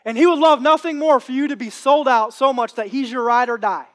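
A man's voice: very high voice, brisk. A man preaching a sermon with impassioned, repetitive phrasing. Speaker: pastor.

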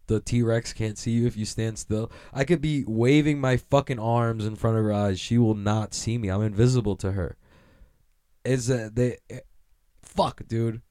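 Young male comic, casual rambling stand-up, deep dry voice, cursing freely. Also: mellow, dry recording. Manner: rambling, profane, self-mocking, laughs often. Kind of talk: casual comedic monologue.

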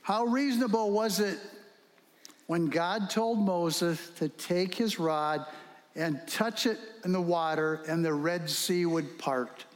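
Brief: male pastor, high voice, lively storytelling sermon, long hall reverb. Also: slow pace. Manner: animated storytelling with rhetorical questions.

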